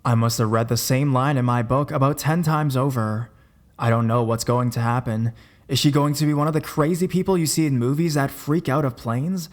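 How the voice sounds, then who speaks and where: A man giving a scripted first-person horror story narration in a measured, deliberate way. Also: medium pitch.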